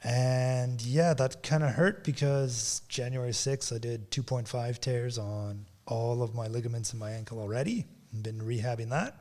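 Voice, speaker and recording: A man's voice: mid-range voice, moderate pace, hardly any pauses, a little mellow. A man co-hosting a hockey podcast, sheepishly telling a detailed story in casual chat. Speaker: podcast co-host.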